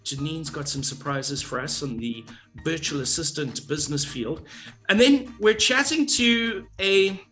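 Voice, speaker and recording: Bright-voiced goofy male co-host. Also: fairly high pitch, a little slow, soft background music. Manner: goofy, jokey, animated. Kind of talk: playful business show chat. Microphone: video call.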